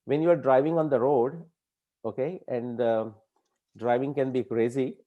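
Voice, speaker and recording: A man giving an explanatory talk to an audience, measured and deliberate, often checking in with "okay" as he explains. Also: medium pitch, steady tone, narrow, tinny audio. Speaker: speaker giving a lecture.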